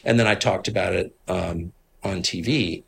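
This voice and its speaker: A man's voice: low voice, moderate pace, creaky, slightly rough. A middle-aged man from Washington, D.C., telling stories in a casual interview in an indignant, emphatic way. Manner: animated, indignant, emphatic storytelling. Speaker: interviewed guest, political commentator.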